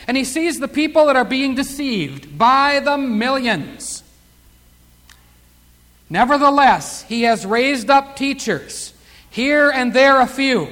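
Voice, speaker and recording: A man preaches with a high, ringing voice that swells on his key words. His sermon echoes with the long reverb of a large hall. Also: fairly bright tone. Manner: fervent preaching, surging emphasis on key words.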